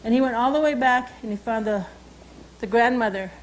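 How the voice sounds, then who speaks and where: Woman cultural educator, high-ish voice, relaxed conversational storyteller. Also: slight background noise, poor audio. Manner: unhurried, conversational, with frequent asides. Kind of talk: oral storytelling and language lesson.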